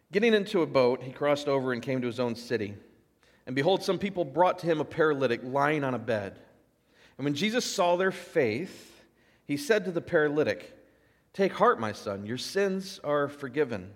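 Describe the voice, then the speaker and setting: A man preaches in a relaxed, conversational way, reading verses aloud and breaking off into lively asides. His mid-pitched voice carries a long reverb, as if heard in a large hall. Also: moderate pace. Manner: animated storytelling with asides and little laughs; casual, conversational preaching with fillers. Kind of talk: sermon reading and explaining scripture.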